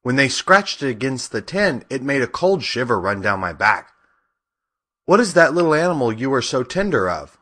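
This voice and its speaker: A man voicing a big, timid male lion in an audiobook, speaking in a plaintive, high, loud voice. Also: sing-song, normal speed. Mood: wondering. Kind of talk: audiobook character voice.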